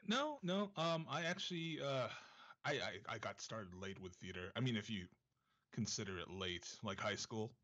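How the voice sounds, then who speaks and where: A man speaking as a guest in a casual interview, easygoing and halting, often laughing. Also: lowish voice, animated, fairly bright tone, muffled recording.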